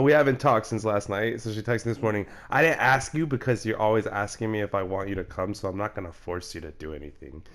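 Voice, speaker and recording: Smooth-voiced young man rambling in game chat. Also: on the low side. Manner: rambling storytelling, swearing, calls friend bro. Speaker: player chatting with a friend. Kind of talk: casual chat during a game.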